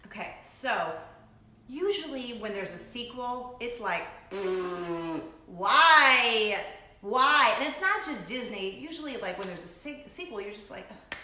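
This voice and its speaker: Chatty woman host, bright voice, bouncy pitch, echoey room. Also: moderate pace, a little hiss or hum. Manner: bubbly, chatty, gushing with excited asides. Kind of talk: casual chat to camera.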